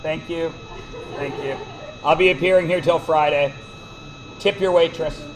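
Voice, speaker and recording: A man teaching a math class, quizzing the students with quick questions and cracking jokes. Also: on the high side, steady tone, very noisy. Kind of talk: classroom lecture.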